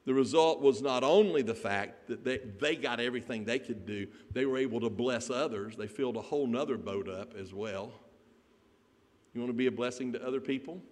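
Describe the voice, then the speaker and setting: A man preaching a sermon, telling a Bible story in an animated way and putting questions to the congregation. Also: mid-range voice, brisk. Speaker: pastor. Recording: echoey hall.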